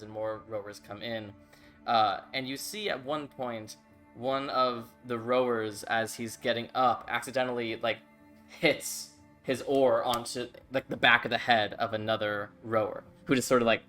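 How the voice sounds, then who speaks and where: Guy game master narrating, bright voice, faint music behind, chatty. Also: mid-range voice. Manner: laughing, loose narration with fillers.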